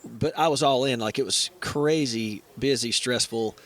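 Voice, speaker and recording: A man telling stories in a casual chat among brothers, animated and acting out the voices of people he quotes. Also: medium pitch, measured pace. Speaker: guest, brother. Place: mountain cabin.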